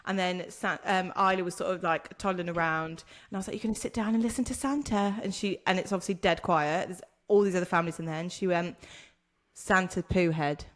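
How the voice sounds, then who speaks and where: A woman's voice: on the low side, fast talker, few pauses. A woman co-hosting a casual podcast chat, tossing in dry teasing quips and telling stories. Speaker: podcast co-host.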